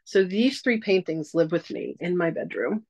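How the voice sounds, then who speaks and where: A woman teaching a casual masterclass, telling stories in a chatty, animated way and acting out quotes. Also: fairly low pitch, moderate pace, poor audio. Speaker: psychic teacher.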